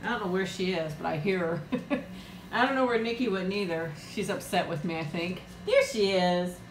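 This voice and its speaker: A woman's voice: lowish voice, normal speed, reverberant, a little hiss or hum, rough recording. A woman hosting a casual live-chat eating stream from home, talking in a rambling way and laughing often. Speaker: livestream host.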